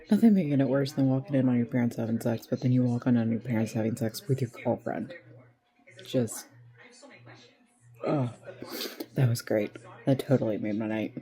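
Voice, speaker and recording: A woman's voice: a bass voice, moderate pace, pauses often, dark tone. A woman chatting casually as a book vlogger, rambling and gushing with lots of fillers. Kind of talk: casual chat. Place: outdoors in the snow with a dog.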